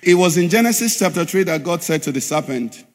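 A man's voice: high-pitched, lively intonation, fairly quick, in a large hall, faint music behind. A man preaching a sermon as pastor, asking the congregation questions as he teaches.

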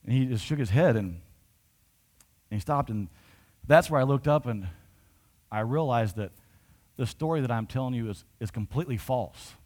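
A man pastor preaching to his congregation in a conversational storytelling style. His voice sits in a middle pitch, and he builds to emphatic points. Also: moderate pace, long pauses, darkish tone. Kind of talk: sermon storytelling.

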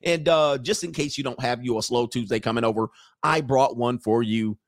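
A man hosting a casual live commentary stream, loud and joking, with slangy asides and drawn-out exclamations. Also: medium pitch, no echo, studio quality. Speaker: livestream commentary host.

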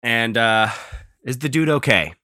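A man's voice: medium pitch, animated, unhurried, pushed and bright, dry recording, studio quality. A man co-hosting a podcast in casual chat, blunt and jokey in his opinions. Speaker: podcast co-host.

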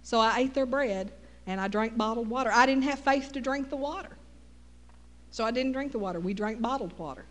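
A woman's voice: fairly high pitch, a little fast, a bit bright, big-room sound. A middle-aged woman with a Texas Southern accent, preaching a folksy sermon with call-and-response asides.

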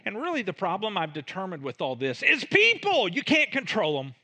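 A middle-aged man preaching a sermon, animated and self-mocking, with sudden loud outbursts. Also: high voice, a little fast. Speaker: pastor.

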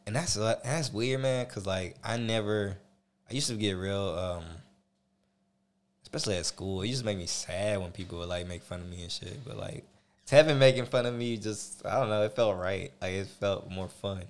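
Man, low voice, casual chat, laughs a lot, reflective. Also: normal speed.

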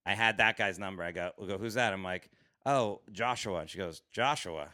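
A man's voice: deep voice, a little fast. A man, a stand-up comedian, telling a story on a podcast, acting out the people in it and swearing freely. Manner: animated storyteller, acts out quoted voices, swears freely. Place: podcast studio.

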